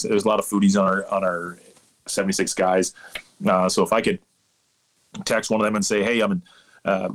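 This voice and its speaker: A man in his thirties from Canada, talking in a fairly low voice as a guest in a casual interview. He rambles through stories with lots of animation and eager asides. The tone is easygoing and chatty. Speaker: umpire guest.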